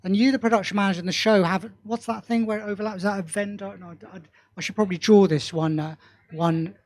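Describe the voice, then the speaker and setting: High-voiced chatty man on a panel. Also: fairly even intonation, quick pace. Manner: chatty, rambling, self-deprecating. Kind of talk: panel discussion.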